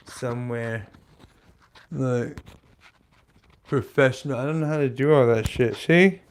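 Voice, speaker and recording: A man hosting a morning live stream of stand-up, rambling and self-deprecating with casual swearing, talking to a webcam in front of a green screen. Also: fairly high pitch. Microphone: webcam live stream setup.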